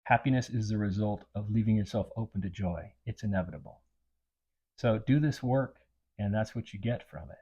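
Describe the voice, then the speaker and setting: A man's voice: on the low side, fairly quick, mellow, slightly rough, muffled recording. A man hosting a self-help podcast, talking earnestly and repeating his points for emphasis. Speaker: podcast host. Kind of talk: reflective self-help talk.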